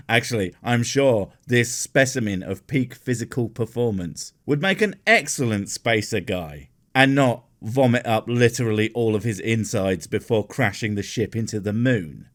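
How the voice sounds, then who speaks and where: Sarcastic male commentary host, animated and profane, swinging pitch a lot.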